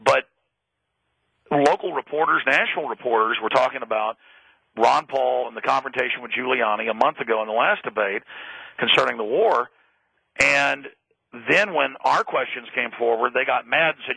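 A man telling a story in heated radio commentary, indignant and full of quick restarts. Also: mid-range voice, vocal fry, pushed and bright, husky, no echo, poor audio. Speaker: talk radio guest commentator.

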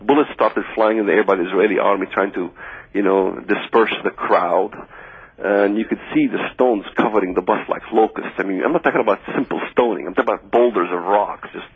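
A man's voice: on the low side, fairly quick, breathy edge. A middle-aged man from Palestine, speaking English, telling his story as an interview guest and acting out the dialogue he quotes. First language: Arabic. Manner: earnest storyteller who acts out quoted dialogue. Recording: tinny phone line on radio.

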